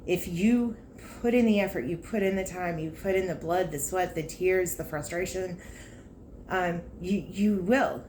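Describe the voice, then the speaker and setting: A woman's voice: lowish voice, a little slow, a little mellow, slight background noise. A woman, a car salesperson talking candidly and emotionally about her work in a casual vlog. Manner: candid and emotional, with laughs and frank asides. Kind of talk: casual personal vlog talk.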